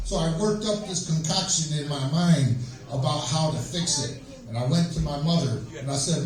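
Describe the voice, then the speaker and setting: A man telling rambling stand-up stories on a small club stage, with fillers and a deadpan delivery. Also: a little high, moderate pace. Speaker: amateur stand-up comic. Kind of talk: stand-up set. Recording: echoey room from far off with crowd.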